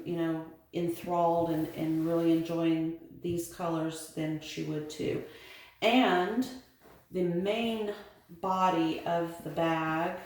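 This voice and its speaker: Slow-talking Southern woman in an echoey room. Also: on the low side, darkish tone. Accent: Southern American. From American South. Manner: rambling, many ums and restarts. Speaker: sewing vlogger. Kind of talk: casual show-and-tell vlog. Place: home sewing room.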